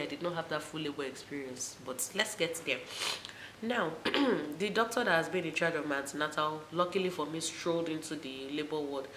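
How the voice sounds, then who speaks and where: A young woman recounts a personal story to camera in a low, unhurried voice. She gets animated and jumps high for the remembered moments. The room is echoey, with a faint hiss behind her. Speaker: vlogger.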